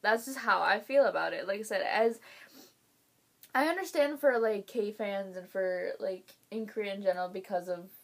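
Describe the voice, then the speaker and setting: A woman's voice: mid-range voice, moderate pace, vocal fry. A young woman, hosting a casual reaction video, emotional and swearing, laughing through tears.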